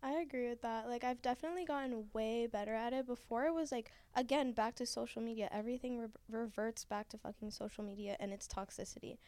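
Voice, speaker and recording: A woman's voice: a little high, steady tone, fast, few pauses, a little mellow, no room sound. Candid young woman podcast host. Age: 20s. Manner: candid, chatty, swears casually. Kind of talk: casual podcast chat.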